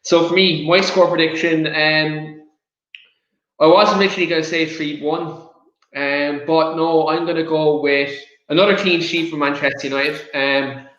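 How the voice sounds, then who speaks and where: A fairly high-voiced Irish man hosts a casual football chat. He talks with passion, goes off on rants and slips into giggles. The sound is roomy and a little dull, as if recorded in an echoey space. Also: steady tone, moderate pace, a bit bright. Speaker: podcast host.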